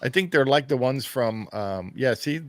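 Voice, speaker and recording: A man hosting a casual group commentary over ride footage, talking in a relaxed, rambling way with many restarts. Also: medium pitch, moderate pace, no echo. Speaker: host.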